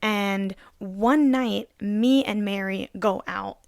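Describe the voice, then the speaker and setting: A woman's voice: mid-range voice, slow pace, creaky, a little mellow, no echo, studio quality. A young woman co-hosting a casual podcast, telling a story animatedly with lots of "like" fillers and acting out the voices of people in it. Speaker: podcast co-host.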